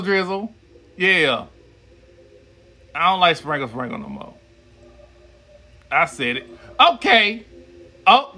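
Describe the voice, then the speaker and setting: A man's voice: high-pitched, bright, forceful tone. A man hosting a reaction video, giving loose, joking running commentary full of swearing.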